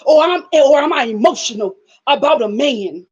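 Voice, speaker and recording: A woman voicing an emotional, defensive young single mother in a plaintive, drawn-out way. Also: high voice, animated, dull audio.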